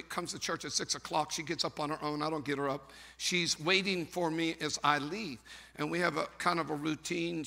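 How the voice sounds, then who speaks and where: A male pastor preaching a sermon in a storytelling way, building up to shouting. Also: a little high, vocal fry. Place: church sanctuary. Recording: long reverb of a large church.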